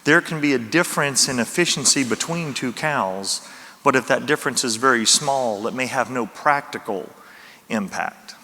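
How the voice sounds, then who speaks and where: Man, Louisiana accent, bright forceful voice, folksy lecture, long reverb of a big hall. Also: medium pitch, moderate pace. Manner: folksy, self-deprecating humor. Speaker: conference speaker. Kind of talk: conference talk with jokes.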